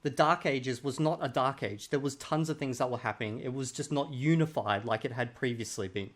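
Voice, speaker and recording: A man's voice: mid-range voice, a little fast. A man hosting a reaction video, commenting sarcastically and mockingly on a clip he reviews.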